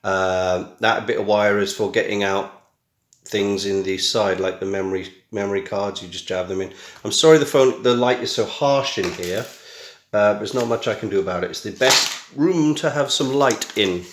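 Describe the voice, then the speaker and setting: In a small, echoey room at home, a middle-aged British man unboxes tech on camera, chatting casually with wry, self-mocking comments. His voice is lowish at a normal speed, and the camera mic adds a little hiss or hum.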